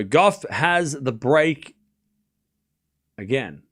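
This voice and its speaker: A man streaming a live tennis watchalong, calling each rally in quick play-by-play and chatting with viewers between points. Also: mid-range voice, animated, fairly bright tone. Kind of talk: live watchalong commentary and chat reading.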